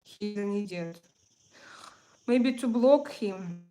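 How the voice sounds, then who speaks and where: A woman's voice: mid-range voice, dark tone. A Russian woman in her thirties with a Russian accent, chatting casually with viewers on her livestream and reading out their comments. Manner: chatty, reads out viewer comments, quick to get heated. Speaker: livestream host.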